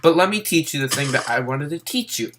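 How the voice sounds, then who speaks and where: A man's voice: on the high side, lively intonation, fairly quick, a bit bright, slight background noise. A man giving casual let's-play commentary while he plays, rambling in a hyper, silly way. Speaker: gameplay commentator.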